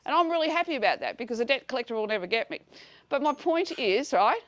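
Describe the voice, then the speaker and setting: A woman in her sixties telling a group about her dispute, blunt and animated, swearing freely and acting out conversations. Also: a little high, fast talker, no echo. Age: 60s. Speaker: speaker at a community meeting. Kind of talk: casual storytelling to a live group.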